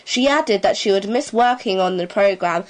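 A woman's voice: mid-range voice, moderate pace, low-quality recording. A woman with an Isle of Wight accent co-hosting a casual home podcast, chatty and reading news with stumbles. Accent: Isle of Wight English. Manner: chatty, interrupting, reads with stumbles. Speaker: podcast co-host.

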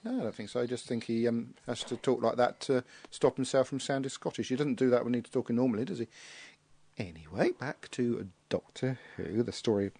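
A man's voice: mid-range voice, a little fast, creaky, warm tone, slightly rough. Guy rambling through a casual chat, lots of ums and restarts. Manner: rambling, hesitant, many fillers and restarts. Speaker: podcast host. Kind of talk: casual group chat about a TV episode.

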